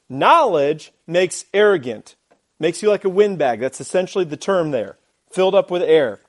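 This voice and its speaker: High-voiced man preaching a sermon. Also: animated, fairly quick. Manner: emphatic preaching with rhetorical questions and repetition; uses a glove as a prop. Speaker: pastor.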